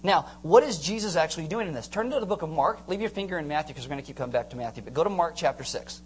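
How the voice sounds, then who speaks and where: Guy preaching a sermon, super animated, yells out the scary parts, low hum in the room. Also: rapid-fire. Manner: animated, acts out screams and jokes with the congregation. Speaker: pastor.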